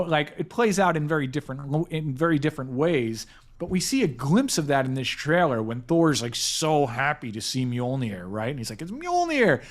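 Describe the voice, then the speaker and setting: A man's voice: a little high, fairly bright tone. Rambling, enthusiastic male podcast host. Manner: rambling, self-correcting, enthusiastic. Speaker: podcast host, editor-in-chief. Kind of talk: casual pop-culture chat.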